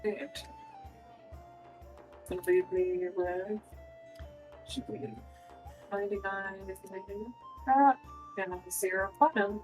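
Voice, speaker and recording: A woman's voice: mid-range voice, fairly even intonation, slow, long pauses, a little mellow, faint music behind, low-quality recording. A woman playing a tabletop game in a casual, blunt way, swearing and pressing with questions. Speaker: player. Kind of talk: casual tabletop role-play.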